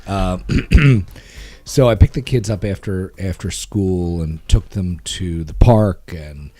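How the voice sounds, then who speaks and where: A man co-hosting a podcast, telling a story in a lively, animated way while tired and emotional. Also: low-pitched, takes it slowly, no echo. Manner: animated storytelling with acted-out quotes. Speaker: podcast co-host. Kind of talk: casual chat.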